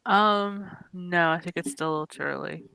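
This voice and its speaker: A player in a tabletop game speaks casually and tentatively, often asking questions. The voice is bright and crisp, recorded dry and close. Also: medium pitch, normal speed, dry recording, poor audio.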